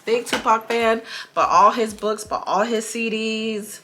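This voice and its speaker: A woman's voice: fairly high pitch, fairly even intonation, unhurried, sharp tone, faint music behind. A woman, chatting casually to viewers while doing her makeup, a bit dramatic. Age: 40s. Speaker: beauty vlogger.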